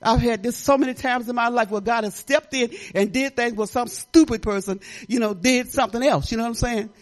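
An older woman pastor from Detroit giving a folksy, animated sermon, talking straight to the congregation with laughing asides. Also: a little high, brisk. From Detroit, Michigan.

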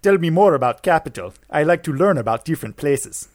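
A man's voice: fairly high pitch, expressive, fairly quick, no room sound, studio quality, lightly acted. A man voicing a confused, pushy Ukrainian boy chatbot in a mock Ukrainian accent.

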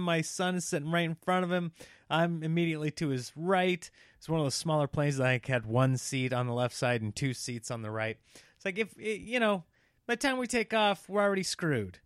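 A man in his thirties telling a story in casual chat, animated and slipping into the voices of people in it. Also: on the high side, normal speed, clear, resonant tone, no echo, clean studio sound.

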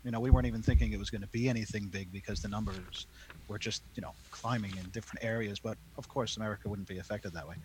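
A man's voice: on the low side, fast, background noise. A man, a librarian from New York, telling a story in a casual chat with many fillers. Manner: animated storyteller, lots of fillers.

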